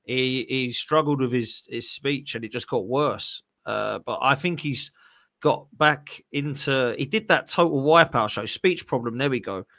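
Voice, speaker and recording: A man's voice: medium pitch, unhurried, gravelly, sharp tone. A man co-hosting a live stream, chatting loosely and laughing through his stories. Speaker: stream co-host. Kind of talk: casual chat on a live stream.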